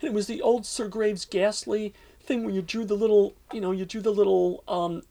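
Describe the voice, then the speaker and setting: Gravelly rambling man telling a story. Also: sits high, steady tone, moderate pace, warm tone. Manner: rambling, many "you know"s and restarts. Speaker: interviewee. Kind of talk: casual storytelling.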